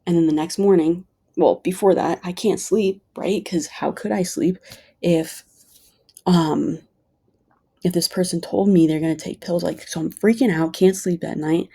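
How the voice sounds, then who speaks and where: Low creaky-voiced woman venting. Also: fairly even intonation, measured pace, mellow. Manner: earnest, rambling, heavy use of "like". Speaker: vlogger. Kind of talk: casual personal vent vlog.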